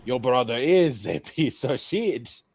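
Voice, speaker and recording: A man's voice: mid-range voice, big pitch swings, slow pace, darkish tone, breathy edge. A man hosting a casual reaction stream, profane and joking, laughing often. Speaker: host.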